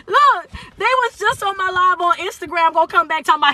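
A woman, hosting a live-stream motivational talk on her phone, lively and affectionate, calling listeners baby and honey. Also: very high-pitched, normal speed, hardly any pauses. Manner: lively, calls the audience baby and honey, laughs often. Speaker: motivational speaker.

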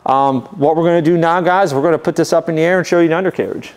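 Male dealer host, steady unhurried walkaround patter, clear smooth tone, slightly high pitch. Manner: easygoing, methodical, many "um" and "uh" fillers. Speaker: car dealer walkaround presenter. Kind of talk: casual vehicle walkaround narration.

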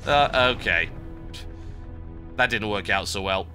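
Sardonic man, bright and lively. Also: on the low side, slow, soft background music. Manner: sardonic, animated, wry complaints. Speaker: gameplay commentator. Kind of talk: let's-play commentary.

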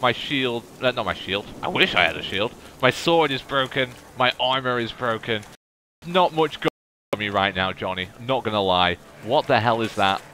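A man giving animated, chatty let's play commentary as he plays. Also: medium pitch, normal speed, slight background noise. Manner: animated, chatty, self-deprecating. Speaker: gaming video host.

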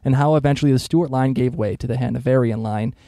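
A man's voice: medium pitch, fast, mellow, no echo, clean studio sound. A man co-hosting a casual history podcast, explaining things with jokes and frequent laughs. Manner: joking, laughs often while explaining. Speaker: podcast co-host.

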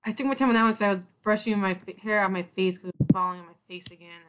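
Young woman gamer, rambling let's play chatter, mid-pitch, keeps groaning at the game. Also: very fast, noisy background. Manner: exasperated, rambling, mock-cursing at the game. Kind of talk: casual gameplay commentary.

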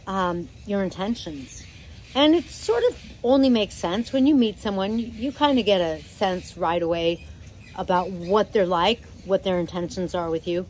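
A relaxed woman with a mid-range voice gives easygoing, chatty advice and speaks gently. She talks at home, and a faint noise sits behind her. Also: medium pitch, unhurried, low-quality recording. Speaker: parrot channel host. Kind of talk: casual instructional talk.

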